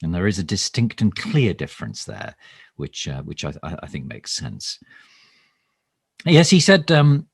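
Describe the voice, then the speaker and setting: In full character voice, a man gives a low, gravelly, husky, unhurried turn as a bumbling, self-important minister, his pitch swooping wildly. He stumbles through ums and restarts with pompous, overly formal manners in an improvised comic mock live stream, captured as a dry studio-quality recording.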